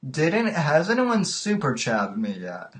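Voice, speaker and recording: A man hosts a live call-in podcast, chatting casually and with amusement while often stalling and repeating words. His voice is a little high, with huge pitch swings, at a normal speed.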